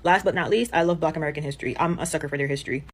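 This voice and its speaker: Woman, deep voice, quick chatty commentary. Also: a little hiss or hum. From Jamaica. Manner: warm, enthusiastic, uses fillers like "like". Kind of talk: casual commentary to camera.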